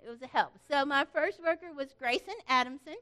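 A middle-aged woman speaking to a church gathering in an informal way, telling a story in an animated, folksy manner and earnestly thanking the volunteers. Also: sits high, fairly quick. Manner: animated storytelling, acting out quoted voices.

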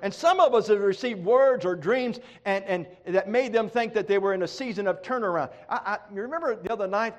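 A middle-aged man preaching a sermon, acting out prayers in a raised pleading voice, then dropping low. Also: fairly quick, hardly any pauses.

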